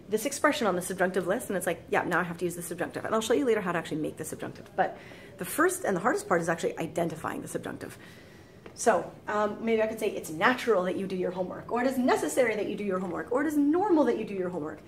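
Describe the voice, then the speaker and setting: Fast-talking, chatty woman tutor. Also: mid-range voice, a little hiss or hum. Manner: chatty, rambling, laughs easily, acts out quoted thoughts. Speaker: French tutor. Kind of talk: casual video lesson.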